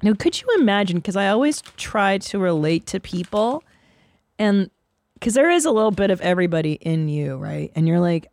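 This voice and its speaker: A woman's voice: mid-range voice, animated, moderate pace, darkish tone, dry recording, studio quality. Blunt, bawdy woman chatting casually. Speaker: podcast co-host. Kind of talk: casual chat.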